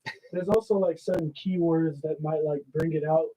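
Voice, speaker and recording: A man's voice: fairly high pitch, fairly even intonation, normal speed, dark tone, poor audio. A young man telling an easygoing story on a casual student radio talk show. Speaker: student co-host. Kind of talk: casual chat.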